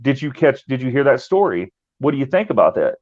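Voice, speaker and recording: A man's voice: medium pitch, very animated, fairly quick, darkish tone, highs cut off. A man telling a ghost-hunting story in casual podcast chat, with lots of restarts and quoted dialogue. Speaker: paranormal investigator guest.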